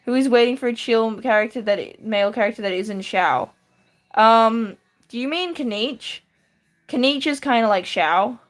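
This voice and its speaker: An Australian woman with a slightly high voice and a moderate pace live-streams from her room while drawing. She chats casually with her viewers, laughing lightly as she answers them.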